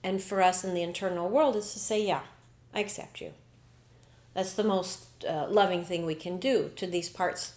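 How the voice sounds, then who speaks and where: A woman's voice: fairly low pitch, steady tone, normal speed, few pauses, darkish tone. A woman hosting a spiritual podcast, talking in an earnest, reflective way and often slipping into quoted inner dialogue. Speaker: podcast host. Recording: roomy echo.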